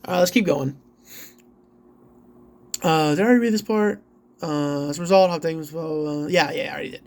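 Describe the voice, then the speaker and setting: A man's voice: fairly high pitch, moderate pace, gravelly. Angry, swearing gaming commentator man. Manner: angry, profane, incredulous ranting; reads an article aloud and breaks off to react. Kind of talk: ranting gaming-news commentary.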